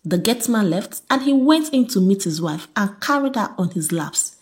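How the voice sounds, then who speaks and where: A woman's voice: medium pitch, lively intonation, moderate pace. A woman, narrating a story aloud expressively.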